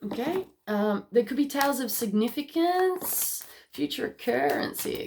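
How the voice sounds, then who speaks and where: A woman's voice: on the high side, sing-song, unhurried, a little mellow, a little hiss or hum. An Australian woman with a cough, giving a casual, bubbly spiritual card reading full of slang and laughter. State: has a cough. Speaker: tarot card reader.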